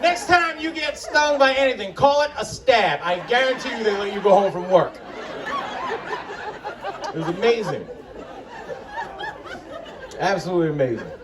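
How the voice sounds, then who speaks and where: A man's voice: high-pitched, animated, moderate pace, pauses often. A man doing a crude, profane stand-up comedy set in an outdoor festival tent, telling his stories with exasperation. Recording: distant crowd recording with background noise. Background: audience laughter.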